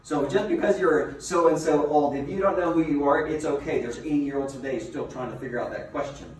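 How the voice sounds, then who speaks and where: A man giving a motivational seminar as a business coach, a lively storyteller who asks his listeners rhetorical questions. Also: fairly high pitch, brisk. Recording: very echoey room, mic far off, faint noise.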